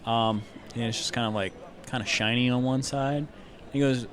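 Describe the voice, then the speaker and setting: A man's voice: medium pitch, fairly even intonation, normal speed. A man narrating a tabletop game as game master, casual and rambling with many fillers.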